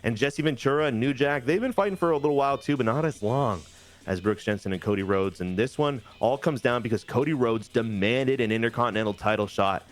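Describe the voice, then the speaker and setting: A man casually recapping wrestling matches from a video game, in an animated, jokey play-by-play way. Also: mid-range voice, a little fast, faint music behind. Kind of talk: casual gaming chat.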